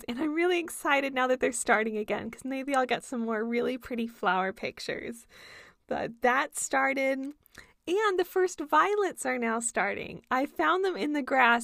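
A young woman chats eagerly as a vlogger, gushing with enthusiasm. Her voice sits high and carries a gravelly, fried texture. The sound is close and dry, with no room behind it. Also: a bit bright, dry recording. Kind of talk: casual chat.

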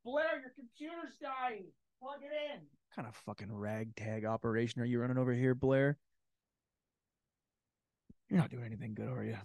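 A man muttering a scolding inner voice at himself, low and grumbling. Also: sing-song, normal speed, vocal fry, a little mellow.

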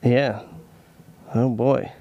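A man's voice: mid-range voice, fairly even intonation, extremely slow, mellow, dry recording, highs cut off. A man co-hosting a podcast, chatting casually, telling sarcastic stories and rambling with plenty of fillers. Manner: joking, sarcastic storytelling. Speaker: podcast co-host. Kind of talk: casual chat.

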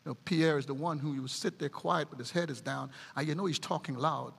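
A middle-aged woman preacher giving a sermon, mixing animated preaching with folksy stories about her family. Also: low voice, fairly quick, gravelly, breathy edge, big-room sound.

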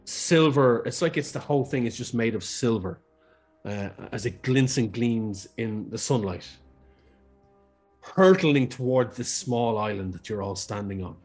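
A man's voice: mid-range voice, a little slow, darkish tone, faint music behind. A man narrating as game master in a casual way, with restarts and the odd swear word.

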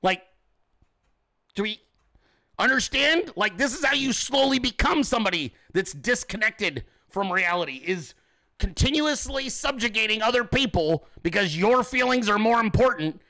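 A man in his forties hosting a show, telling stories in a swearing, animated rant. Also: high voice, normal speed. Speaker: show host. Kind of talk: profane ranting monologue.

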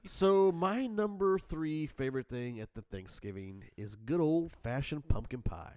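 A man's voice: a little high, a little slow, dry recording. A man hosting a casual talk show, leading the playful banter. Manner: playful, lively host. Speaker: podcast host.

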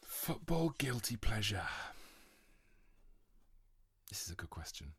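A man telling an animated story in casual podcast chat, swearing and laughing as he goes. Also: lowish voice, slow pace, vocal fry, breathy edge, no echo. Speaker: podcast guest.

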